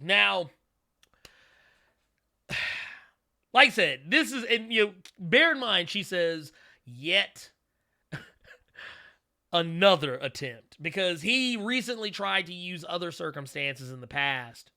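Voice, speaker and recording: Bright-voiced animated male streamer. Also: high voice, takes it slowly, pauses often. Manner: animated, laughing, rambling with restarts. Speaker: host. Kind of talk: casual live-stream commentary.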